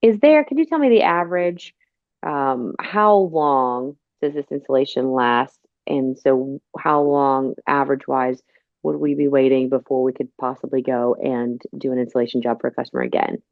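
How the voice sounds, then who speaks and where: A woman's voice: extremely low pitch, normal speed, dry recording. A woman hosting an interview, chatty, telling long personal stories in casual talk. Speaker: podcast host. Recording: dull, dry phone-call sound.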